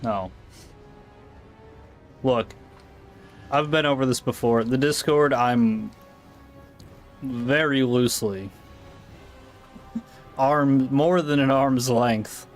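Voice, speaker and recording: A man's voice: medium pitch, slow pace, pauses often, faint music behind. An American man streaming a game live, chatting loosely and answering viewers in asides. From United States. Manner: rambling, reacting to chat with asides. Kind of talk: casual live-stream chat while gaming.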